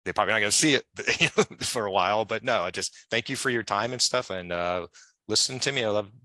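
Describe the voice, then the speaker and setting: A man's voice: lowish voice, fairly quick, sharp tone, dry recording. A man guest in an interview, telling long casual stories and acting out the people he quotes. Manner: chatty, digressive, acts out quoted voices. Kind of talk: animated storytelling in conversation.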